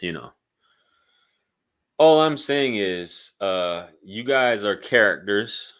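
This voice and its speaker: A man's voice: fairly low pitch, expressive, slow pace, a bit bright. A man speaking bluntly and profanely in a casual commentary vlog, rambling with frequent restarts. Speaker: YouTube commentator.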